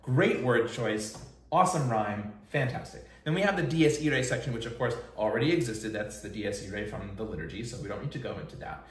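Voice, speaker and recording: A man's voice: on the low side, fairly quick. A man teaching a songwriting lesson, explaining lyrics with enthusiasm. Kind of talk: song analysis lesson. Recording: roomy echo, faint music.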